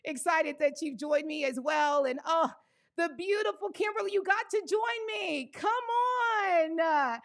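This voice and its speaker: An exuberant woman hosts a live stream, calling out greetings to viewers with whoops and laughter. Her voice sits high, with a gravelly fry running through it. She talks casually, often saying "y'all.". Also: expressive, measured pace. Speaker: livestream host.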